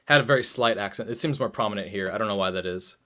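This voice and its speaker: A young man co-hosting a casual comic discussion podcast, excitable and swearing, acting out his reactions. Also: fairly low pitch, fast. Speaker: podcast co-host. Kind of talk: casual chat.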